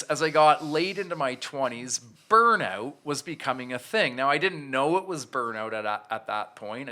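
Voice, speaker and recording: A man's voice: medium pitch, sharp tone. A man in his thirties, a podcast guest, telling a candid, self-reflective personal story with frequent restarts. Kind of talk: storytelling in an interview.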